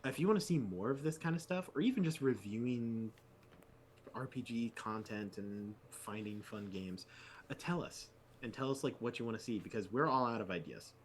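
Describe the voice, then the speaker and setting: Man, podcast co-host, animated storyteller, mid pitch, faint room ambience. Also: moderate pace, a little hiss or hum. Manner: animated ranting storyteller, jumps up in pitch when exasperated. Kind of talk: casual chat.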